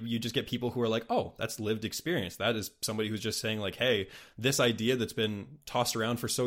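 A man hosting a podcast interview, talking in a casual, animated way with many fillers. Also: mid-range voice. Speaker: podcast host.

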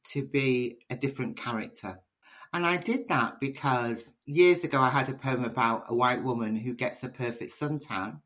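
Chatty woman telling stories. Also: extremely low pitch. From Liverpool, England. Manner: chatty, storytelling, animated. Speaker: poet, interview guest. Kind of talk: conversational interview answers.

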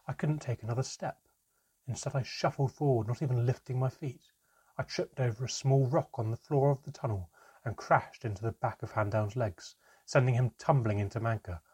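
A man narrating a storybook chapter in a steady, measured reading. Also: mid-range voice, breathy edge.

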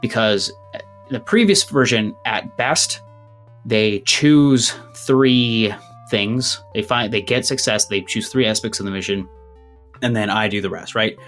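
A man's voice: on the low side, unhurried, fairly bright tone, soft background music. A man running a tabletop game as game master, rambling through rule changes and a recap, a bit out of breath. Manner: rambling, self-interrupting, laughs at his own jokes.

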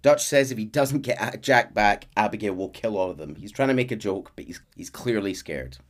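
Low-voiced man retelling a story. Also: brisk. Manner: animated retelling with fillers. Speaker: podcast host recapping a game story. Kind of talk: casual storytelling recap.

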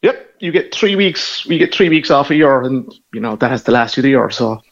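A man's voice: mid-range voice, lively intonation, a little fast, lo-fi sound. A middle-aged man from Ireland with a Cork accent, chatting casually as a guest and laughing as he tells stories. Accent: Cork Irish. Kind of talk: casual phone interview.

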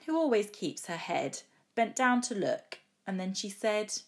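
A teacher reading a comic rhyming poem aloud with a lively, expressive rhythm. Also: female voice, medium pitch, a little slow.

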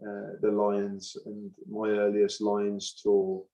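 A man's voice: fairly low pitch, completely flat delivery, slow pace, mellow, muffled recording. A middle-aged man, a retired rugby forward, talking in an interview, emphatic and repeating phrases for force. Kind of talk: impassioned interview talk.

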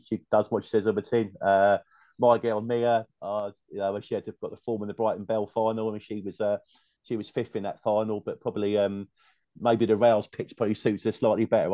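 A man's voice: lowish voice, flat delivery, fast talker, dark tone, no echo. A man chatting as a guest tipster on a betting podcast, agreeable and loose in his phrasing. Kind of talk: casual chat. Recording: dry dull lo-fi mic.

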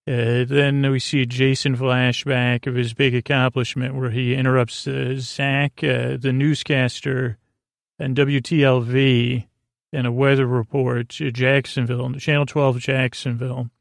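A man recaps a TV episode on his podcast, stumbling along with many fillers. His voice is gravelly and stays on an even, flat pitch. The recording is dry and close. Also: dry recording. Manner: halting, many fillers, reads quotes flatly. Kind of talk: casual solo recap.

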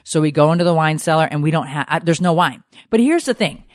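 Animated storytelling middle-aged woman. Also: low-pitched, quick pace, no room sound, clean studio sound. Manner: animated, gossipy storytelling with swearing. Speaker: podcast co-host. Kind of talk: casual chat.

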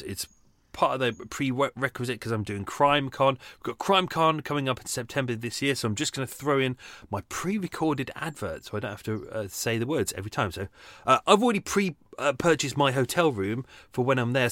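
A man talks casually as a podcast host, rambling through his week with sweary, self-mocking asides. His voice sits at an ordinary middle pitch and is recorded dry and close to the mic, with no room sound. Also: a bit bright, no room sound. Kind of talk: casual chat.

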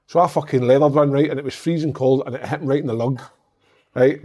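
A man's voice: medium pitch, fast. A man, a former footballer telling stories in a casual chat and swearing freely. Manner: swears freely, animated storyteller.

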